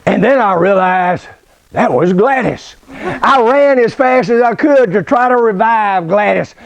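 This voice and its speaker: A man preaching a sermon through a folksy, unhurried personal story. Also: high voice, gravelly, lo-fi sound.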